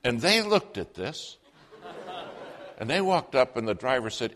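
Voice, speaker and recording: Animated preacher telling a funny story. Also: male voice, mid-range voice, measured pace, background noise. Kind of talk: sermon storytelling.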